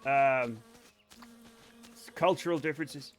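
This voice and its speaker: A man's voice: mid-range voice, slow. A young man streaming a game, joking and rambling with his chat, often breaking into giggles. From Scotland. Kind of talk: casual livestream chat while gaming.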